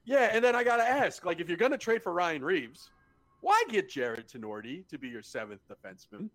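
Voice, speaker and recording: A man co-hosting a sports talk show, with a slightly higher-than-usual voice. He breaks the game down in a blunt, analytical way and drops curse words freely in casual back-and-forth. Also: animated, fairly quick, a bit bright. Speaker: podcast co-host.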